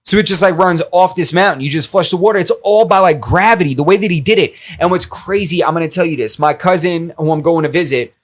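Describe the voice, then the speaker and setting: A man tells a rambling story in a relaxed podcast chat, slightly high-pitched, full of swearing and filler words. He gets animated and acts out the people he quotes. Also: fast, hardly any pauses. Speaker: podcast co-host.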